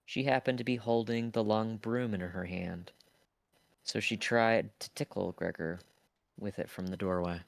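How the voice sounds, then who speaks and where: A streamer with a very low, creaky voice reads a classic novel aloud at a moderate pace and in a steady tone, now and then stumbling over words and restarting lines. His reading is casual, with blunt asides, and the close-miked sound is completely dry, without any room echo.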